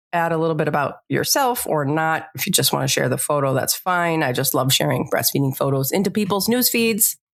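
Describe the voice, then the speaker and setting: A woman co-hosts a podcast in an easygoing, conversational way. Her voice sits a little low, and she laughs off her own slips as she goes. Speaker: podcast co-host. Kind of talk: casual podcast chat.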